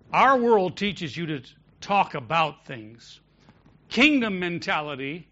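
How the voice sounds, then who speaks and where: A man preaching a sermon as pastor of a church, shifting between loud emphatic declarations and quiet storytelling. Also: sits high, muffled recording.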